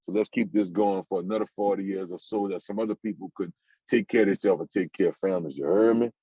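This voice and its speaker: A man's voice: low-pitched, fast, mellow, husky, no echo. Rapper guest, New Orleans man, slangy and easygoing, muffled lo-fi sound. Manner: laid-back street slang, repeats "you heard me". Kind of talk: casual interview sign-off. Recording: muffled lo-fi audio.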